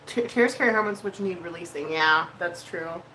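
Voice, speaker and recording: A woman's voice: on the low side, a little slow, sharp tone, slight background noise, rough recording. A woman hosting a casual livestream while doing her makeup, emotional and venting, swearing freely and laughing often. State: emotional, near tears. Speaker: livestream host.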